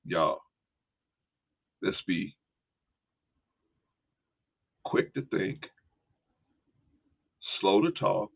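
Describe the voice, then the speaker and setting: A man's voice: low voice, animated, drawn-out words, gravelly, long pauses. A male podcast host chatting casually, with a laid-back, rambling manner and frequent "right?" and "y'all". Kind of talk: casual chat. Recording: tinny phone-like line.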